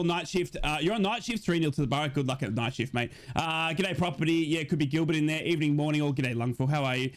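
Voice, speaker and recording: A fairly high-voiced man, talking casually to his viewers during a football watch-along. He is chatty and excitable, and he often trips over his words and restarts his sentences. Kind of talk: casual live-stream chat, reading viewer messages.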